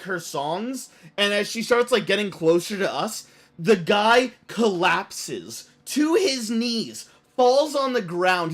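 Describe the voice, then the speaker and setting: A man streaming a game, telling a story in an animated, rambling way full of fillers. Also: high voice. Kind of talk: casual storytelling while playing.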